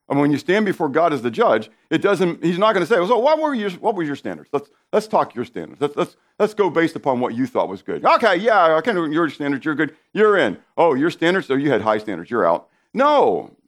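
A man preaching with an emphatic, insistent delivery. His voice sits a little higher than most men's. He hammers key words by repeating them and keeps turning straight to his listeners. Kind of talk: sermon.

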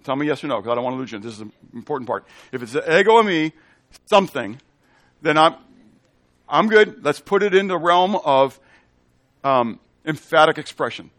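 Male pastor, teaching sermon, chatty and explanatory, keeps asking "okay?", a bit high-pitched, dry close sound. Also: expressive, moderate pace, fairly bright tone, no echo. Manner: conversational, checks in with frequent "okay?"; explains Hebrew and Greek terms.

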